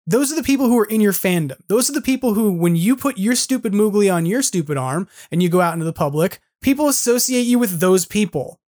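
This podcast host, a man in his forties, delivers an earnest but frustrated solo monologue peppered with casual fillers. His voice sits high and carries a darkish tone.

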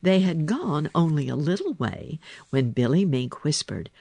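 A man narrating a children's animal storybook in an expressive, animated way. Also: on the high side, unhurried, creaky, slightly rough, no echo. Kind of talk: storybook reading.

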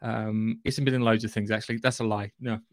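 A man's voice: fairly low pitch, level tone, a little fast, no room sound, studio quality. A man co-hosting a casual podcast, enthusiastic and nerdy, swearing now and then. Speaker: podcast co-host.

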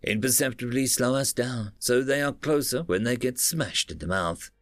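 A man voicing a stern, weary male starship captain who gives clipped, flat commands. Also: medium pitch, moderate pace, dry recording, soft background music, close to an everyday voice. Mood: commanding.

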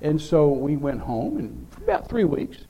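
A man's voice: a little high, huge pitch swings, normal speed, creaky, dull audio. An older man, telling a rambling, folksy story as a preacher. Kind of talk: sermon storytelling.

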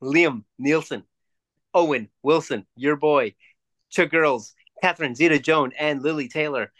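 A man co-hosting a podcast, chatting casually, swearing freely and ranting in quick bursts. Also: fairly high pitch, a bit bright. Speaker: podcast co-host. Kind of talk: casual chat.

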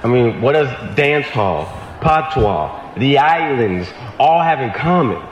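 A man's voice: mid-range voice, sing-song, takes it slowly, lo-fi sound, a little hiss or hum. A man doing stage banter at a concert while putting on a Caribbean accent, filmed on a phone. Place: large concert venue. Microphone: phone recording from the crowd. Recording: echoey arena clip filmed on a phone.

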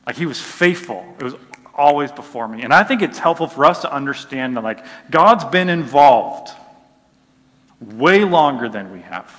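A man's voice: medium pitch, lively intonation, moderate pace, a bit bright. Conversational man preaching in a reverberant hall. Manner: conversational, uses many "like" fillers and acts out little quoted voices. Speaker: pastor. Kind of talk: sermon.

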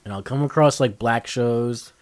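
A man's voice: mid-range voice, normal speed, a little mellow. A man hosting a podcast, telling rambling stories in casual banter and often breaking into laughter. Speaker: podcast host.

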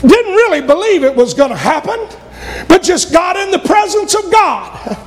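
A man preaching a sermon, retelling a story with shouted emphasis and voiced characters. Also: very high voice, very animated, normal speed. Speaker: pastor. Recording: long hall reverb.

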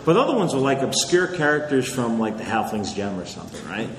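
A middle-aged man, an author and guest speaker, telling anecdotes on a panel in an animated, laughing way. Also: mid-range voice, fairly quick. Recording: echoey hall with crowd noise.

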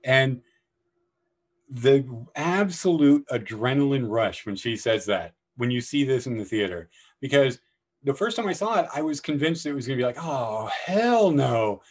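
A man hosting a podcast, talking casually about a film in a rambling, animated way, often acting out lines in a raised voice. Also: medium pitch, normal speed, slightly rough, rough recording. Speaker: podcast host.

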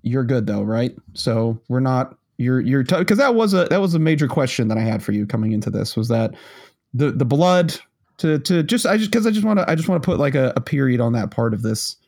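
A man chatting loosely on a podcast, his pitch bouncing up and down as he talks. He rambles, stops and restarts his sentences, and laughs easily. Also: very animated, fairly quick, a little mellow. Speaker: podcast co-host. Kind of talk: casual chat.

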